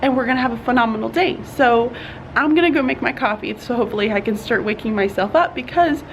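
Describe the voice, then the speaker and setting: A woman's voice: on the high side, fast talker, slight background noise. A woman teacher vlogging in her classroom in the morning, chatty and earnest, tired and yawning, saying y'all and laughing often. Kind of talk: casual morning vlog.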